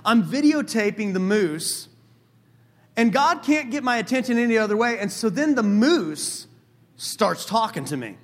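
A man preaching a sermon as pastor, telling a story with lively asides. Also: very high voice.

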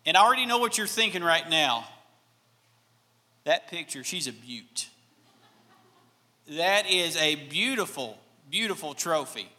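A man's voice: on the high side, very animated, a little slow, pauses often, sharp tone, in a large hall. A man from Alabama with a light Southern accent, preaching a sermon with folksy, self-deprecating storytelling. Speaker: pastor.

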